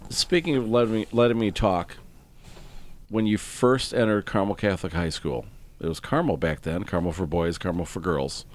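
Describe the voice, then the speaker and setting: A man's voice: low-pitched, moderate pace. A man in his sixties, a teacher, making dry, teasing remarks in casual chat in a radio studio. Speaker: radio show co-guest teacher.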